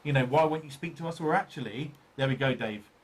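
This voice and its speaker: A man's voice: mid-range voice, fast, slightly rough. A man hosting a live paranormal show, chatting casually and reading out viewer comments, often repeating phrases and laughing easily.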